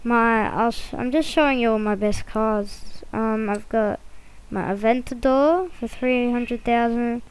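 A woman's voice: on the high side, unhurried, smooth, poor audio. A woman giving casual, rambling commentary while she plays a driving game, with many fillers and restarts. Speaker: gameplay video creator.

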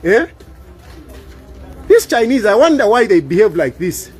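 High-voiced Zambian man making an emphatic appeal. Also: big pitch swings, a little slow, breathy edge. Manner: emphatic, repeats lines, tags "eh?" for agreement. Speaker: public lawyer. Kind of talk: impassioned street appeal to camera.

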